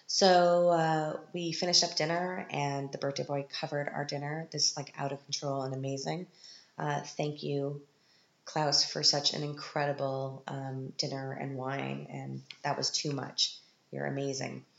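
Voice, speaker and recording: A woman podcast host telling chatty stories from her week in a casual monologue, animated, with sudden high-pitched quoted reactions. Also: a little slow, creaky. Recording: roomy, muffled home recording.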